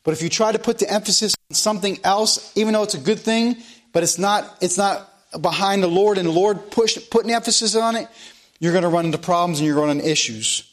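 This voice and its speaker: A man with a fairly high voice preaches a sermon. He speaks earnestly and leans on repetition to press his points. His delivery is plain and direct. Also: fast talker. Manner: earnest preaching, repeats phrases for emphasis. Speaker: pastor.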